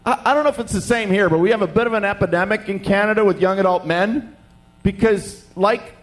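A young man preaching a sermon, telling stories with lively acted-out voices. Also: sits high, a little fast. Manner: animated storytelling, acts out voices. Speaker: pastor.

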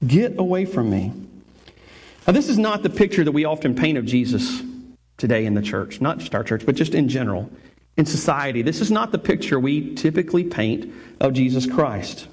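A man preaching a sermon as pastor, in an animated, conversational and joking manner. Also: on the high side, moderate pace, slightly rough.

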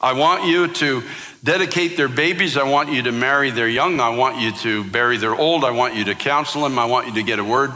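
A man voicing God in a sermon, speaking softly, tenderly and measured. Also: mid-range voice, long reverb tail, close to an everyday voice. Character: tender voice of God, calm and gentle.

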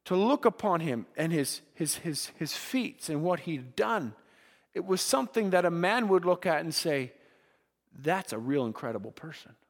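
A man's voice: high-pitched, animated, normal speed, long reverb tail. A man preaching a sermon to young people, earnest, often repeating words as he builds a point. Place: church.

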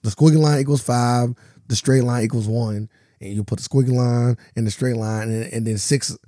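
A man's voice: mid-range voice, fairly even intonation, normal speed, dark tone, dry recording. A man co-hosting a podcast in casual chat, rambling and slangy as he explains things, with a dry close sound. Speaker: podcast co-host.

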